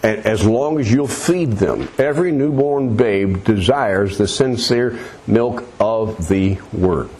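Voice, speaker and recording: A man's voice: lowish voice, slow, few pauses, a little mellow. A man preaching, leading a listener through a prayer in an earnest, coaxing, repetitive way. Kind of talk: soul-winning demonstration.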